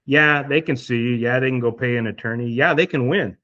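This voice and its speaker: A man's voice: mid-range voice, a little fast, sharp tone, dull audio. A man guest on a podcast, talking through hypothetical scenarios in a casual, explanatory way with many fillers. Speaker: estate planning guest.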